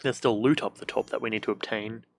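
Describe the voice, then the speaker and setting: A man's voice: on the low side, fairly even intonation, fast, creaky. A young man streaming a video game from a room at home, casual let's-play commentary, joking, swearing and making silly sound effects.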